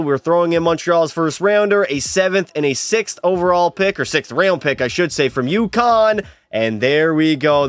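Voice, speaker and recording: Chatty, teasing young man, slightly high voice. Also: clear, resonant tone, no room sound. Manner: chatty, teasing, banters with chat. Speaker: streamer playing a hockey video game. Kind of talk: casual live-stream commentary, chatting with viewers.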